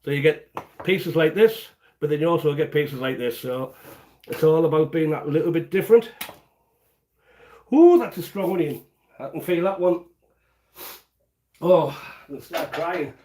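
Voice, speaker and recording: A man's voice: a little high, normal speed, long pauses, a little mellow, a little hiss or hum. A man hosting a casual home cooking livestream, chatting and explaining each step in a rambling way. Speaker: home cooking channel host. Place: home kitchen.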